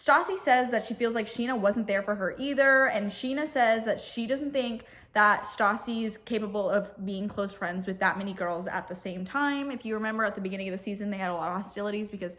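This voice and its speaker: A woman's voice: medium pitch, a bit bright. A woman vlogger retelling reality TV drama in a casual, gossipy way, full of "like" and quoted voices. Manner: chatty, gossipy, lots of "like", quick quoted voices. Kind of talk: casual recap storytelling.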